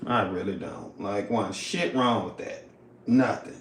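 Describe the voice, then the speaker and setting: A man's voice: on the low side, measured pace, roomy sound, slight background noise. A man hosting a livestream, reacting in loose, casual talk that is full of swearing. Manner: loose, swearing, drawling commentary. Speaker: livestream host.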